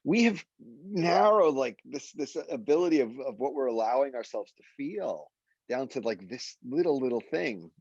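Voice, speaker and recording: Gravelly, husky male meditation teacher. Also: moderate pace, no room sound, muffled recording. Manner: animated and emotional, with sudden high exclaimed quotes. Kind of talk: guided meditation session.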